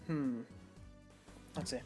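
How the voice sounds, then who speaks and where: A woman's voice: slow pace, warm tone, soft background music. A woman streamer giving casual, self-deprecating commentary while playing a game. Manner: chatty, self-deprecating, thinking aloud.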